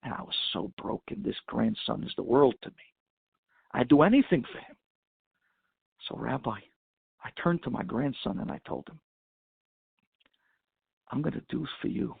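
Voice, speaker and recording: Gravelly rabbi preaching over a phone line. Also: male voice, mid-range voice, expressive, moderate pace, pauses often, no room sound. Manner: impassioned storytelling, Hebrew and Yiddish terms. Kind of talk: sermon storytelling. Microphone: phone conference line.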